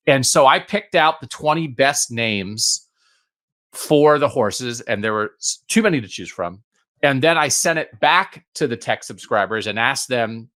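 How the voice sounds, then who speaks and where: Bright-voiced wry podcast host, a man. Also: medium pitch. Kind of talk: casual chat.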